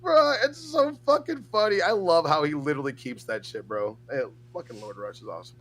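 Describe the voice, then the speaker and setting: A man co-hosting a casual chat, telling stories in an animated way and laughing often. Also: fairly high pitch, fairly quick. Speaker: co-host.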